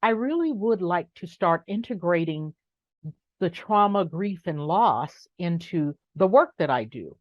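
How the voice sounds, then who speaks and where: A woman's voice: fairly low pitch, lively intonation, unhurried, no room sound, muffled recording. A middle-aged woman speaking as an interview guest, frank and emphatic, sometimes reflective. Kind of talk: conversational interview.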